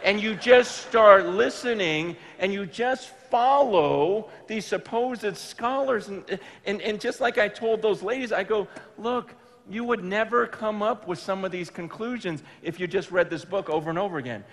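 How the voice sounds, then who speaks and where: Male preacher, high voice, animated storytelling, emphatic bursts. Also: moderate pace, few pauses, big-room sound. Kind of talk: storytelling sermon. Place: large room with an audience.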